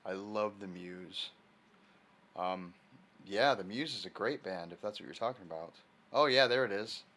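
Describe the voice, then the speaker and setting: A man's voice: on the low side, a bit bright, a little hiss or hum. A man chatting casually on a live stream in a rambling way, answering viewer messages from his desk at home.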